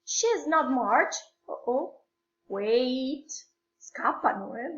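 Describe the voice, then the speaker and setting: A woman English teacher with an Italian accent, explaining grammar slowly and patiently to young learners, repeating phrases and switching into Italian. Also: a little high, animated. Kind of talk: slow classroom explanation mixing English and Italian. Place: at home. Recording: echoey room, dull lo-fi sound.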